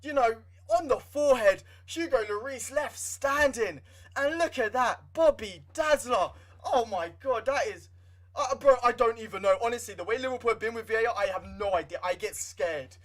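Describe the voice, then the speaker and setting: A young man giving live fan commentary on a football match, excitable and swinging from nervous muttering to shouting. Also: extremely high pitch, normal speed. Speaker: livestream football watchalong host.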